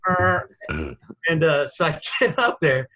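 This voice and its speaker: A man's voice: on the high side, lively intonation, takes it slowly, pushed and bright, low-quality recording. A man, a stand-up comedian, telling a story in casual, profane, rambling talk and laughing at his own jokes.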